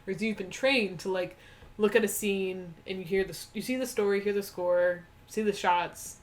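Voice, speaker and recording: A woman's voice: mid-range voice, normal speed. A woman co-hosting a casual movie-watching chat, talking in a chatty, rambling way and giggling often. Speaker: co-host.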